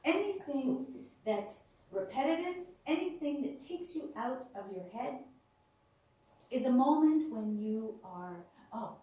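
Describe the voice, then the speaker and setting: A woman's voice: high-pitched, a little slow. A woman telling personal stories to a small audience, acting out what others said. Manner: animated storyteller, acts out quoted voices. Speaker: speaker sharing personal experiences. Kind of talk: storytelling talk to a small audience. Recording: echoey room, voice from far off.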